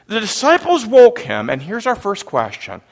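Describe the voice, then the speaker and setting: Animated pastor with a gravelly voice. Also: male voice, high voice, moderate pace. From Canada. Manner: animated storyteller, acts out panicked disciples loudly. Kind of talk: sermon.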